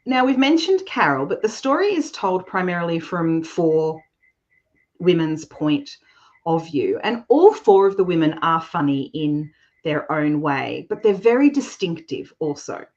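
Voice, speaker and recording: A woman's voice: deep voice, sing-song, unhurried, a little mellow. A woman podcast host asking questions with an enthusiastic, complimentary manner. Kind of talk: interview hosting. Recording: dull lo-fi sound.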